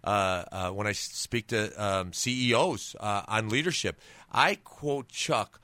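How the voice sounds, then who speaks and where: Interview guest, male former athlete; bright, animated storyteller; dry close studio sound. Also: lowish voice, measured pace, no echo. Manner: animated storyteller with many restarts. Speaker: guest, former pro football player and author.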